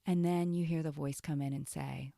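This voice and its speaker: A woman hosting a self-help podcast, talking earnestly in a casual way and often dropping to a soft whisper. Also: low voice, fairly even intonation, moderate pace, creaky, no room sound, clean studio sound. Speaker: podcast host and coach.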